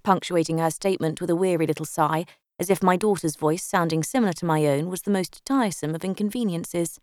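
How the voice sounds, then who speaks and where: A woman's voice: on the low side, brisk, hardly any pauses, darkish tone, no echo. A woman narrating a first-person story in a wry, dryly sardonic way, close to the mic. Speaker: audiobook narrator.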